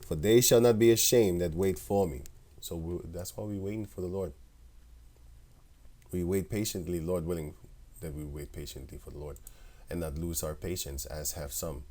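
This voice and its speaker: A man with a deep, low voice preaching to an online audience. He reads scripture aloud and breaks into loose, chuckling commentary between the verses. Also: normal speed, dark tone.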